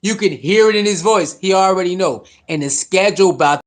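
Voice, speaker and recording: A sports reaction vlogger with a high voice delivers fired-up football commentary at a fairly quick pace. Talking straight to his viewers in slang, he taunts rival fans and hammers the same points repeatedly.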